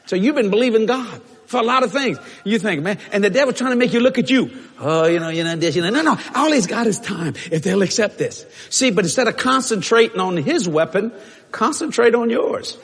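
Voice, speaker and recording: Husky male preacher, high lively voice, bright tone, long church-hall reverb, animated and jokey. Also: a little fast. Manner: animated, shouting in bursts, joking, acting out quotes.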